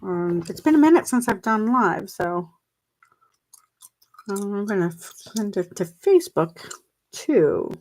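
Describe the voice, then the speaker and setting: A middle-aged woman chats to her live-stream audience from a table with her computer, rambling and laughing at herself. She chews gum as she talks into a plug-in desk mic. Her voice sits at an ordinary pitch for a woman. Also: big pitch swings, slow pace, pauses often, darkish tone, a little hiss or hum, rough recording. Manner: chewing gum while talking. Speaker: mindset coach hosting a live stream. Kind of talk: casual live-stream chat.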